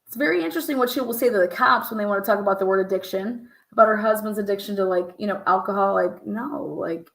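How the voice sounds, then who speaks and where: A woman's voice: mid-range voice, racing, hardly any pauses, reverberant. A woman hosting a true crime show, reacting to a clip with profane, incredulous commentary and bursts of laughter. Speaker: true crime podcast host.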